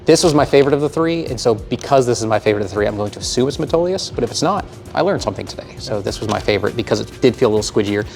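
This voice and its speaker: A man's voice: mid-range voice, animated, very fast, gravelly, a little mellow, faint music behind. Playful man chatting casually about climbing. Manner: playful, jokey, breathes heavily. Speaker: climbing channel co-host. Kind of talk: casual chat.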